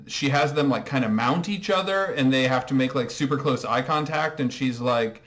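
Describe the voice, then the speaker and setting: Male host, dry and sarcastic, mid-pitched voice, comedic show recap. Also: brisk, fairly bright tone.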